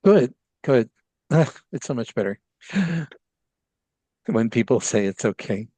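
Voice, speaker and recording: A man's voice: mid-range voice, animated, slow pace, warm tone, dry recording. A man voicing an odd, naive and devout woman in a tabletop game, talking earnestly and rambling with many ums. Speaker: player.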